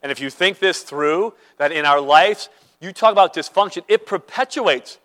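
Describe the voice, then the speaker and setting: A man's voice: fairly high pitch, normal speed, fairly bright tone, poor audio. A man preaching a sermon as a pastor, earnest and conversational, telling everyday stories to make his point.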